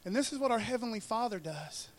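A pastor preaching in a loose, street-slang style, tossing "man" and "dude" into nearly every sentence. His voice sits very high for a man, and he speaks with animated energy to a church crowd. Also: fast. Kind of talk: casual sermon.

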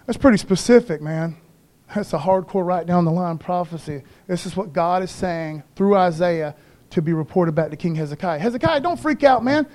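Man, pastor, high voice, casual sermon, calls out to congregation. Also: normal speed, dark tone. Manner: conversational preaching with call-outs to the congregation. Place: church broadcast.

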